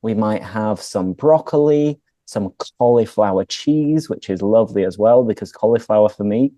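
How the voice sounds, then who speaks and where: A British man hosting a casual chat and explaining phrases for English learners in a relaxed way. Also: on the low side, normal speed, dry recording. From Britain. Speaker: host and English teacher. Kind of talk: casual conversation, explaining words.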